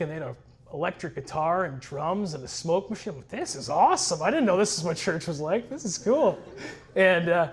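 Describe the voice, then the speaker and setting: A man sharing his personal testimony in an earnest, reflective storytelling way. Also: on the high side. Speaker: church member giving a testimony.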